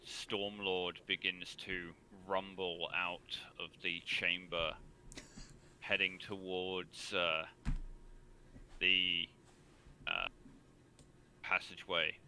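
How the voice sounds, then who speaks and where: A man running a tabletop game as game master, narrating the scene in a measured way with frequent pauses. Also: low voice, level tone, sharp tone, slight background noise, low-quality recording.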